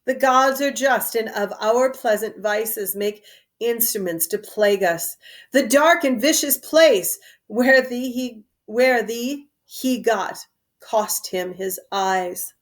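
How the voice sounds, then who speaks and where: A woman reading a defiant young nobleman. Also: fairly high pitch. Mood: stern. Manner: declamatory, deliberate. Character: vengeful young nobleman challenging his treacherous brother. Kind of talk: dramatic reading of verse.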